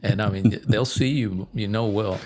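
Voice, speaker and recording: A middle-aged man, a guest angler, telling fishing stories in a relaxed, rambling way with restarts. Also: fairly low pitch, moderate pace. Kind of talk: casual storytelling.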